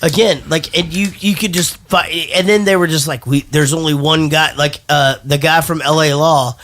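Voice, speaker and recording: A man's voice: on the high side, fairly even intonation, moderate pace, a bit bright. A man hosting a movie podcast, talking casually, rambling and swearing freely. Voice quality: profane, rambling. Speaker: podcast host. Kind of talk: casual movie review chat.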